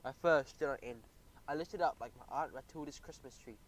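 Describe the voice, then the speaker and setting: A man narrating a children's audiobook in the first person, animated and expressive. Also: mid-range voice, fairly quick, low-quality recording.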